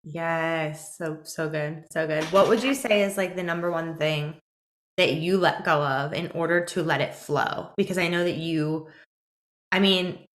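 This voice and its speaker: A woman's voice: deep voice, moderate pace, reverberant. A woman hosting a podcast, enthusiastic and affirming as she asks questions. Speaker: podcast host. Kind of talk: podcast interview.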